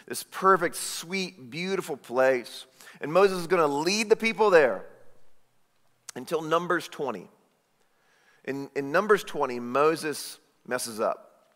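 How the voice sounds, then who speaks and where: A man preaching a sermon, retelling a story with lively asides and acted-out quotes. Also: a little high, long reverb tail. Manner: animated storytelling, repeated "right?" asides, acts out quotes. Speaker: pastor.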